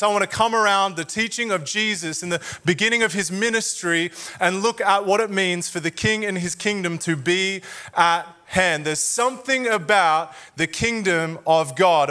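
A man's voice: sits high, pushed and bright, clear, resonant tone. A man with an Australian accent, preaching a sermon in a church with joking, conversational asides to the crowd. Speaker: pastor. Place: church auditorium.

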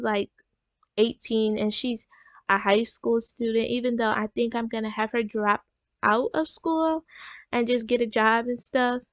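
Woman, gaming host, casual let's-play talk, rambling with fillers, slightly high voice, dry close sound. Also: no room sound. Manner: rambling, full of fillers like "like" and "and stuff".

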